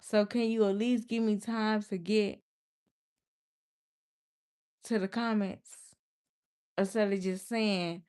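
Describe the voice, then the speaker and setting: A woman's voice: mid-range voice, steady tone, takes it slowly, long pauses, a little mellow, clean tone. A young woman livestreaming, casually and exasperatedly scolding a viewer in the chat. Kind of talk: casual live-stream talk to chat.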